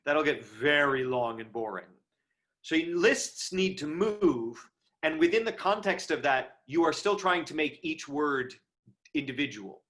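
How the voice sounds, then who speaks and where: A man's voice: on the high side, expressive, a little slow, fairly bright tone. Man teaching acting over a video call. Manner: thinking aloud with many ums and restarts. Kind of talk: casual online lecture. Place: home setup on a video call. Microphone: video call microphone.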